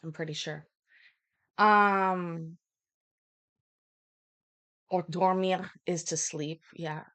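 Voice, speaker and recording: A woman's voice: lowish voice, steady tone, very slow, fairly bright tone. A woman hosting a casual livestream, chatting in a rambling way with frequent fillers. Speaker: livestream host.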